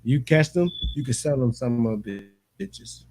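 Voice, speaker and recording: A man's voice: medium pitch, unhurried, darkish tone. A man hosting a casual chat, telling stories animatedly with lots of profane slang and frequent laughter. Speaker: podcast host.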